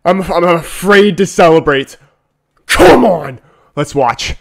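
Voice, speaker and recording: A young man filming himself reacting live to a football match, muttering one moment and shouting and swearing the next. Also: sits high, lively intonation, takes it slowly, gravelly.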